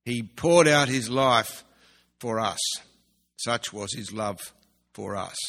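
A man preaching a sermon in an earnest way, slowly repeating key phrases for emphasis. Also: medium pitch, a bit bright. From Australia. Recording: long hall reverb.

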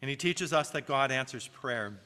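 A man's voice: mid-range voice, lively intonation, normal speed, bright, forceful tone, big-room sound. A male pastor preaching a sermon in an earnest way, rising and falling for emphasis and sometimes repeating a word.

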